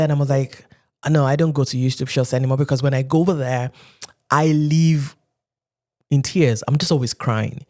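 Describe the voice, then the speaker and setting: A woman from Nigeria in her thirties, telling stories as a podcast guest and acting out quotes in animated voices. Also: a bass voice, brisk. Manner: animated storyteller who acts out quotes, often laughing. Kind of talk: casual interview talk.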